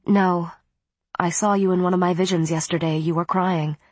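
A woman voicing a proud ancient female vampire matriarch, speaking slowly and formally. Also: lowish voice, steady tone, darkish tone, slightly rough, dry recording. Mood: stately.

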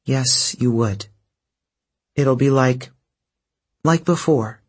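A man reading aloud, voicing an anxious teenage girl hero who speaks softly and earnestly. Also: mid-range voice, moderate pace, breathy edge, close to an everyday voice. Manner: soft, earnest and strained.

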